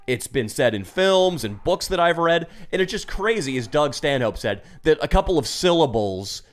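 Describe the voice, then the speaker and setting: A man's voice: on the high side, very animated, moderate pace. A man co-hosting a podcast, asking thoughtful questions in casual chat. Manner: inquisitive, thoughtful, candid. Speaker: podcast co-host.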